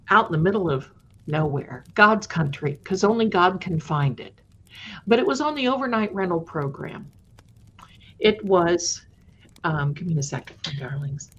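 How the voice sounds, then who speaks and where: A female stream host with a husky, medium-pitched, slightly bright voice chats affectionately with her viewers and casually spins spooky stories. The recording is dull lo-fi stream audio.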